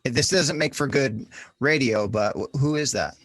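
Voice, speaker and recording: A man's voice: medium pitch, unhurried, fairly bright tone, no room sound. A man hosting a podcast interview in a casual, friendly way, hesitant with many fillers. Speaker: podcast host.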